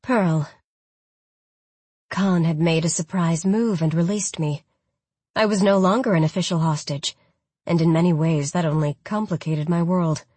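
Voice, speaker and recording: A woman narrating a first-person audiobook in a reflective, even manner. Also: on the low side, measured pace, pauses often, husky, dry recording.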